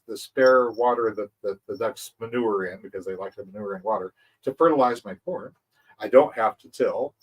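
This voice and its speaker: A man's voice: fairly low pitch, distant mic, low-quality recording. A man hosting a farming channel, explaining his methods in a rambling casual way, repeating words and chuckling. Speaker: agroforestry channel host.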